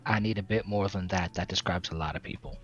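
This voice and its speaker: Smooth, coaxing male vampire, low voice, muffled lo-fi audio voiced by a man. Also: fast talker, natural voice. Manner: coaxing, probing questions. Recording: dull lo-fi mic.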